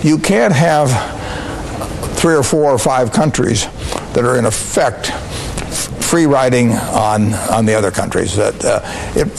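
An older man giving a measured interview answer, slow and halting, with frequent restarts, in a played archive clip. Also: medium pitch, expressive, creaky, a little hiss or hum, low-quality recording.

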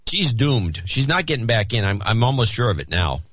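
A man co-hosting a casual chat show, rambling with restarts and quick asides. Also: medium pitch, big pitch swings, a bit bright, no echo. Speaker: podcast co-host.

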